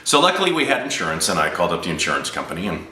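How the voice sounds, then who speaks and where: A man, an improv comedian, doing a stand-up audition set with deadpan storytelling. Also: low-pitched, rapid-fire. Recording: roomy echo.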